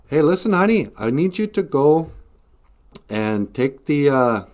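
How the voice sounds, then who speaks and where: A man's voice: fairly high pitch, sing-song, measured pace, a little mellow, pitched above the performer's own voice. A man doing a fussy sing-song mom. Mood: pleading. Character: scolding, fussy mother of a boy.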